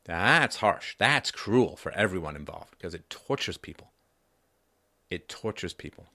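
A man in his fifties hosting a solo livestream, talking in a lively way and jumping up in pitch for emphasis and mock voices. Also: a little slow, creaky, no room sound, clean studio sound. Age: 50s. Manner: rhetorical repeats, asks "right?". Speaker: livestream host. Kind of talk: solo political commentary.

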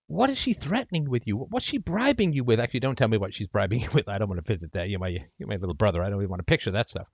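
A man hosting a call-in show, giving impassioned advice and speaking to the caller's brother in role-play, swinging from loud to hushed. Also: on the low side, expressive, fast, no room sound.

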